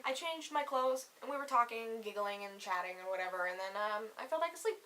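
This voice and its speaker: A young woman telling a funny personal story for a comedy vlog, animated and full of swearing, acting out each quote. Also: a little high, fast talker, hardly any pauses. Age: young adult. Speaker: comedy YouTuber. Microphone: camera mic.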